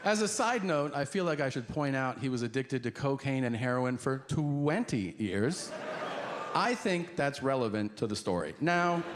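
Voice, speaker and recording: A man doing stand-up, telling a profane story in an animated way with sudden shouts. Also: medium pitch. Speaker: stand-up comedian. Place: comedy club stage before a laughing audience. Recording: live audience laughter and crowd noise.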